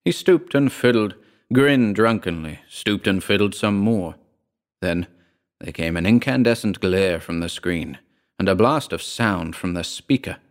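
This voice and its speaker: Low-voiced wry male story narrator. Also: lively intonation, measured pace. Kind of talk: first-person story reading.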